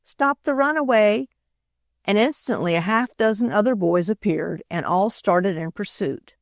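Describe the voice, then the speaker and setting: A woman narrating a classic children's storybook in a steady, clear reading voice. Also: on the low side, no echo, clean studio sound. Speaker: audiobook narrator.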